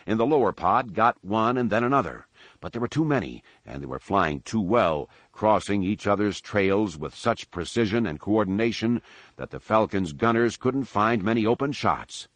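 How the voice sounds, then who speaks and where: A man with a low voice narrates an action story in a measured, dramatic reading. The recording is dry and close, with almost no room sound. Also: animated, fairly bright tone, no echo. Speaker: audiobook narrator. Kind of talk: scripted narration.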